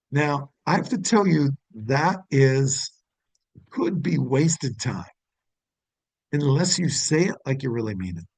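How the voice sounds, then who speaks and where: A man's voice: medium pitch, a little mellow, no echo, poor audio. A middle-aged man giving a sales training talk, often acting out upbeat phone greetings to show the right tone.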